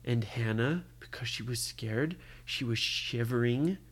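A storyteller telling an improvised bedtime story, animated and often asking the listener what happened next. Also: medium pitch, a little slow, breathy edge. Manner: animated, keeps quizzing the listener.

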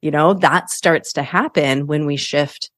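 A woman's voice: low voice, measured pace, fairly bright tone, no echo, studio quality. A woman hosting a solo podcast as a coach, talking in a chatty, upbeat way and laughing often.

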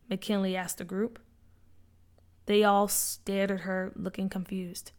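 A woman narrating a children's story aloud in a lively read-aloud style. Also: medium pitch, slow.

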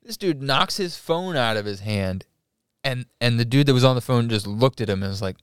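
A man's voice: mid-range voice, lively intonation, normal speed, clear, resonant tone, no room sound, clean studio sound. A man in casual chat, telling a story with heavy swearing and acting out the people in it. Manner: profane storyteller acting out quotes.

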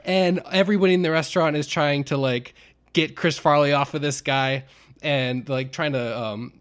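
A young adult man co-hosting a podcast, casually chatting and retelling scenes with lively acted-out quotes. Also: fairly high pitch, moderate pace. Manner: animated storyteller, acts out quotes with shouts. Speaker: podcast co-host.

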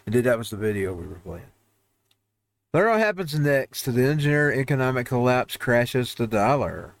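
A man's voice: medium pitch, no echo. A man hosting a home-made show, ranting over news headlines in a heated, rambling way with frequent restarts. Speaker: host. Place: home newsroom studio.

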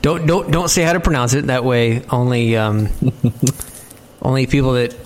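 A man hosting a podcast, chatting casually in a rambling, self-mocking way with halting restarts. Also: mid-range voice, background noise. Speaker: podcast host.

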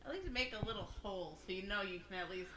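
A woman's voice: mid-range voice, expressive, fast talker, sharp tone. A woman chatting casually, blunt and swearing freely. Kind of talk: casual chat.

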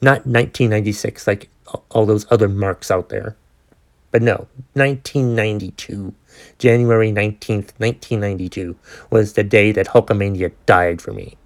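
A man's voice: on the low side, fairly even intonation, normal speed. A man in his forties hosting a podcast, telling a long story in a casual, ranting way with plenty of swearing and exasperation. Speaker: podcast host.

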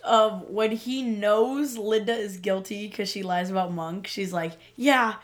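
A woman's voice: mid-range voice, steady tone, a little slow, background noise. A woman co-hosting a casual fan chat, giggling as she recalls favorite scenes. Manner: giggly, laughs between lines. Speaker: co-host.

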